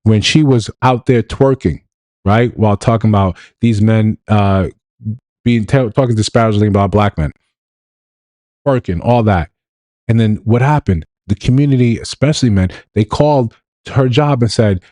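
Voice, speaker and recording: A man giving blunt, animated livestream commentary, often mimicking other people in quotes. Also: on the low side, moderate pace, dry recording. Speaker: streamer and commentator.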